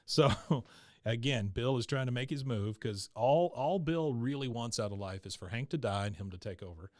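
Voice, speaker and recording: A man's voice: mid-range voice, expressive, normal speed, darkish tone, no echo, studio quality. A man hosting a podcast, casually recapping an episode with lots of filler sounds and chuckles. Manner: rambling, many filler sounds, chuckles often. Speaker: podcast host.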